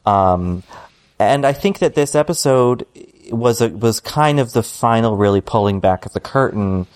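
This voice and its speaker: A man's voice: mid-range voice, expressive, measured pace, darkish tone. A man co-hosting a TV recap podcast, thoughtful and a little hesitant, with a dry sense of humor. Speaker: podcast co-host. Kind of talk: casual TV recap podcast chat.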